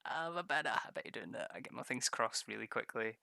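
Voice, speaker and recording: Gravelly, bright-voiced rambling streamer. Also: mid-range voice, expressive, quick pace, dry recording, clean studio sound. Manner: rambling, self-mocking, swears freely; laughs often. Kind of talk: casual livestream chat while drawing maps.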